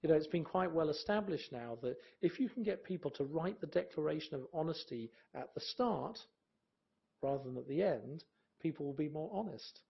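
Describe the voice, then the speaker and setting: A man's voice: on the high side, expressive, normal speed, creaky, muffled recording. A man giving a presentation talk in a conversational way, with fillers and restarts.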